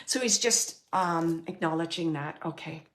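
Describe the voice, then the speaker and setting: A woman hosting a show and giving a live mediumship reading, speaking earnestly in halting phrases with many fillers and restarts, often checking in with the person she reads for. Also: sits low.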